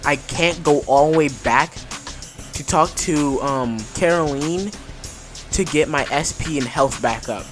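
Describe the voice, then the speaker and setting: A man's voice: on the high side, unhurried, soft background music. A young man giving casual, joking commentary over a game playthrough, swearing freely. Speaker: gaming YouTuber.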